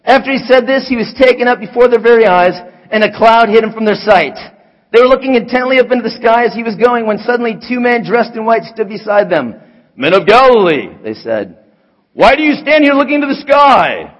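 A man preaching a sermon as pastor, animated, moving from hushed asides to shouts. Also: extremely high pitch, fairly quick, dull audio. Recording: long hall reverb.

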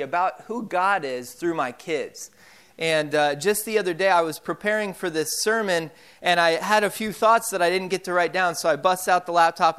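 Smooth-voiced young male pastor preaching. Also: fairly high pitch, fairly bright tone. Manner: casual storytelling with frequent fillers. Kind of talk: sermon.

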